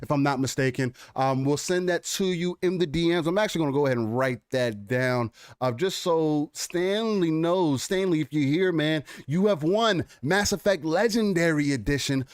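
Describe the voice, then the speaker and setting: A man co-hosting a live gaming podcast, chatting casually with lots of fillers and restarts, energetic and warm toward the chat. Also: a little high, normal speed, few pauses, clear, resonant tone, no room sound, clean studio sound. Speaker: podcast co-host.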